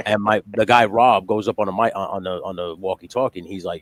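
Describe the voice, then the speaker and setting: Fast-talking man telling rambling stories. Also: sits low. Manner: rambling, profane, repeats words while telling stories. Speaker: podcast host. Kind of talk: casual storytelling chat.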